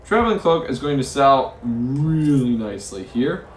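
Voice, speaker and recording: A man's voice: mid-range voice, animated, measured pace, reverberant, slight background noise. A man playing a story game, reading its text aloud and musing over his choices, often stumbling over words. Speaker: let's play host.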